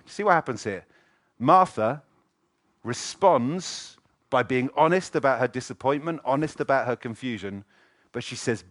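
A middle-aged man preaches in a church with animated energy, jumping into quoted voices as he goes. His voice sits at an ordinary male pitch and is recorded close and dry, with little room sound. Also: moderate pace, no room sound. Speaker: pastor. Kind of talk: sermon.

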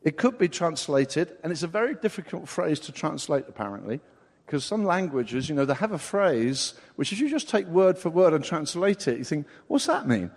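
A man's voice: on the high side, sing-song, moderate pace, a little mellow. A man preaching a sermon as pastor, explaining a Bible passage with rhetorical questions and an expository manner. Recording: long hall reverb.

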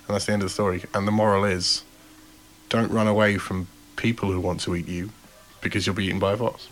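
Male comic host, slightly low voice, loose and playful. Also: flat delivery, fast talker, a bit bright, rough recording. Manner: playful, rambling storyteller. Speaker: podcast host. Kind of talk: casual comedic chat.

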